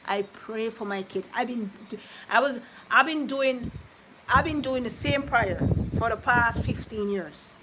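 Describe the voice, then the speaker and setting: A woman in her thirties talking on a live stream, her voice set a bit high. She rambles and circles back in a heartfelt, personal way. There is steady noise under the voice. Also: unhurried. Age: 30s. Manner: rambling and heartfelt, repeating herself, talking to viewers. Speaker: vlogger reading live chat. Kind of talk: casual live-stream chat.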